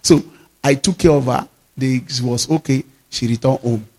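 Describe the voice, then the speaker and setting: A man with a Nigerian accent, a pastor preaching and telling lively personal stories in a sermon, slipping into Yoruba. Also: medium pitch, moderate pace. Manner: lively storytelling, mixes English with Yoruba. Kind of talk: sermon storytelling.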